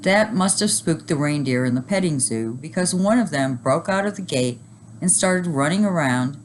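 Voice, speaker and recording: A woman teacher reading a children's chapter book aloud, animated and expressive. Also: low-pitched, normal speed, slight background noise.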